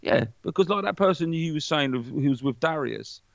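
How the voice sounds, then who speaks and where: A man talks as a podcast guest in casual chat, preachy and animated, swearing freely. His voice has a gravelly edge. The recording is dry and slightly muffled. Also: a little high, a little fast, no room sound.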